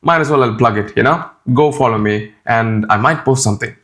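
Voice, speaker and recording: A man with an Indian accent, Tamil being his first language, gives a casual spoken tutorial as a YouTuber. His mid-range voice is a bit bright and a little fast, and he talks in a chatty, direct way, often tacking on "man" and "right?".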